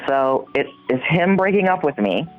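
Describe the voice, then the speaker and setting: A middle-aged woman, a podcast guest, telling a personal story and acting out her own reactions with big jumps in pitch. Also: very animated, moderate pace. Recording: tinny phone-like sound with faint music.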